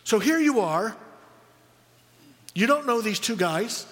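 A middle-aged man preaching a sermon as a pastor, telling stories with animated quoted voices. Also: high voice, slow pace, in a large hall.

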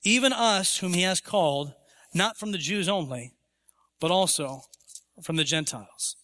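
A man preaching a sermon in a church, his voice pitched high and sounding bright and forceful. He is emphatic, at times lifting his voice to act out the objections he answers. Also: animated, moderate pace, big-room sound. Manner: emphatic, rising to voice imagined objections. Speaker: pastor. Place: church sanctuary.

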